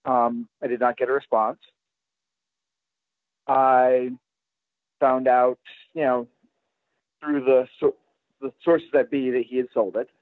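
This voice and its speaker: A man, a guest collector, chatting casually on a podcast in a halting way, full of restarts and fillers. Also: mid-range voice, little pitch movement, dry recording. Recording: tinny, dry phone line.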